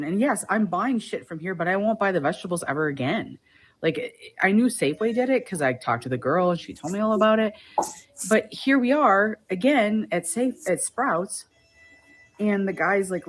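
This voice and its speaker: A woman's voice: on the low side, lively intonation, normal speed. A woman vlogger ranting casually to the camera, agitated as she retells her arguments.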